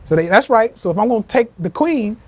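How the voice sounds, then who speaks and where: A man's voice: high-pitched, animated, quick pace, a little mellow, no echo. A man hosting a live social media rant podcast, talking in an emphatic, profane and repetitive way, acting out quotes with animation. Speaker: podcast host. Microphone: phone.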